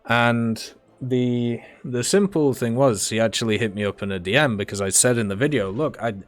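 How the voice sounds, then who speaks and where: A man's voice: medium pitch, moderate pace, no room sound. A man answering viewer questions in a casual, rambling monologue with many fillers and restarts.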